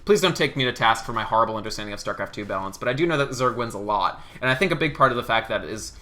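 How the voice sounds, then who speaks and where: A man casting a live online game tournament, excitable play-by-play with quick asides and laughter. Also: medium pitch. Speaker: esports caster.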